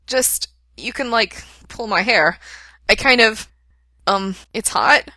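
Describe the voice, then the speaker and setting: A woman reading aloud who puts on a playful, eager young man with a higher, louder, halting voice. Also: lively intonation, no echo, full character voice. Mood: hesitant. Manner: halting, eager, raised and louder than the narration.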